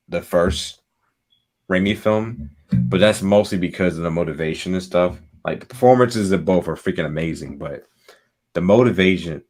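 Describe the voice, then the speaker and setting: A man co-hosting a podcast in casual chat, excitable, swearing freely and laughing often. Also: low voice. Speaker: podcast co-host.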